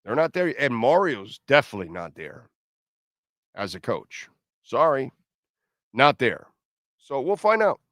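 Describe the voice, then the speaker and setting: A man's voice: mid-range voice, sing-song, a little slow, long pauses, a bit bright, no room sound, clean studio sound. A middle-aged man hosting a sports talk radio show, ranting bluntly and lecturing listeners.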